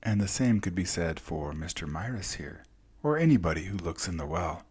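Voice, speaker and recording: A man voicing a gentle, wise older woman mentor who speaks softly and reassuringly, at times dropping to a near whisper. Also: deep voice, animated, normal speed, husky. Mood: soothing.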